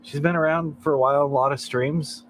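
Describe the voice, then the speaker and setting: A man's voice: a little high, steady tone, brisk, slight background noise, poor audio. An American man hosting a late-night livestream, chatting in a rambling way and chuckling often between thoughts. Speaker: livestream host. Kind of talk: casual chat.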